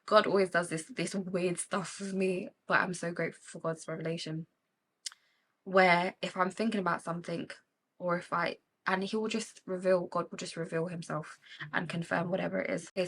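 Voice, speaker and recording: A young British beauty vlogger talks candidly and emotionally about faith and living with intention while doing her makeup. Her voice is fairly low and fairly bright, with slight background noise.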